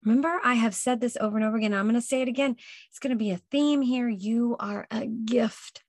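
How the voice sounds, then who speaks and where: A woman's voice: fairly high pitch, rapid-fire, no room sound, clean studio sound. A woman hosting a motivational self-help podcast, speaking emphatically and repeating her key phrases to encourage listeners. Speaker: podcast host.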